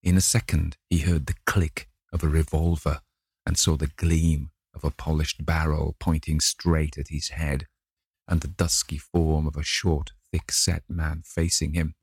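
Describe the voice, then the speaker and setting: A man narrating a classic novel in a measured, dramatic reading. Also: rumbling low, level tone, a little mellow, breathy edge, dry recording, studio quality. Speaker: audiobook narrator.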